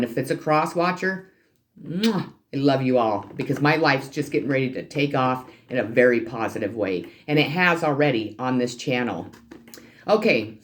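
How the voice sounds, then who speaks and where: A tarot reader talking to a channel's viewers, ranting in a heated, profane and preachy way and calling out to them as people. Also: mid-range voice. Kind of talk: ranting spiritual card reading for a channel.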